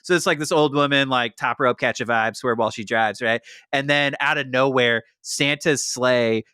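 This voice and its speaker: A man co-hosting a podcast, chatting casually about a movie, animated and swearing, laughing often and acting out quotes. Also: mid-range voice, moderate pace, clean tone, dry recording, clean studio sound. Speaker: podcast co-host. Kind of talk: casual movie review chat.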